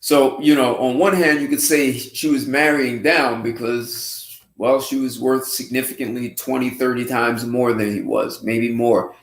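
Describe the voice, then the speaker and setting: A man hosting a casual livestream show, talking in an unhurried, musing way with frequent restarts and throat clearing. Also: medium pitch, fairly even intonation. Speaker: host. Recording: roomy echo.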